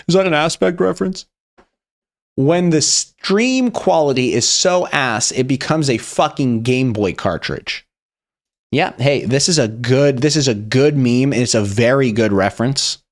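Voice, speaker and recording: A young man hosting a meme review, talking in a casual, rambling, profane way. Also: medium pitch. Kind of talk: casual commentary.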